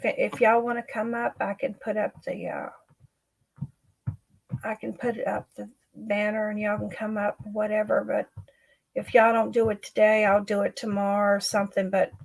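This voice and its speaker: A woman, talking into a computer mic on her own livestream. Her voice sits a bit high, and her speech halts, repeats and trails off as she opens up about her life. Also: low-quality recording. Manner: halting, repeats herself, trails off. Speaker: livestream host. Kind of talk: emotional personal livestream chat.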